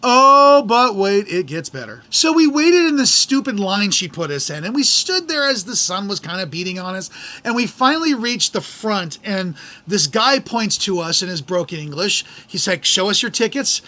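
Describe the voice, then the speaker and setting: A middle-aged American man hosting a podcast, telling a travel story in an animated, exasperated way and acting out the people in it. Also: high-pitched, normal speed. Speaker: podcast host. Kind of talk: casual storytelling.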